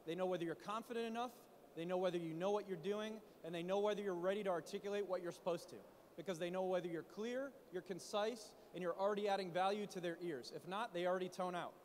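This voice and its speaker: A man speaking at a conference, coaching founders on pitching in an animated way, full of rhetorical questions. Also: quick pace, long reverb tail, a little hiss or hum. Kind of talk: startup pitch talk. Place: conference stage in a large hall. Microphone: handheld mic.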